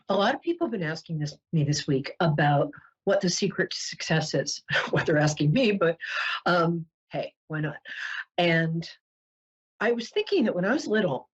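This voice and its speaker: A playful woman with a New York accent hosts a psychic show in a husky, slightly breathy voice. Her pitch sits low but swings widely as she jokes and digresses, all through dull, lo-fi webcast audio. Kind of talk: casual chatty monologue.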